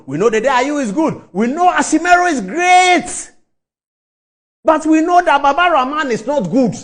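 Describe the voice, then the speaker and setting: A middle-aged man with a Ghanaian English accent giving impassioned, scornful commentary, repeating key words for emphasis. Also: very high-pitched.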